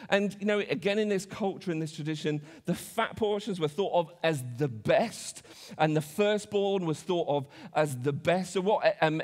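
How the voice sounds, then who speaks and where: A man preaching a conversational sermon in church, with frequent restarts and self-deprecating asides. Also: on the high side. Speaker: pastor. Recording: church hall reverb.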